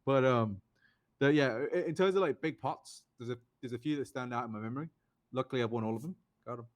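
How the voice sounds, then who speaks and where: British man telling animated poker stories. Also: medium pitch, quick pace. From United Kingdom. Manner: animated anecdotes, quoting others in raised voices. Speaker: guest, poker player. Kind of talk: casual storytelling.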